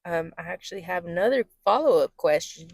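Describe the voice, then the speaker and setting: A woman's voice: fairly low pitch, animated, brisk, gravelly, a little mellow, dry recording, clean studio sound. A young woman co-hosting a podcast in casual, playful chat, laughing often and slipping into joking lines. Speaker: podcast co-host.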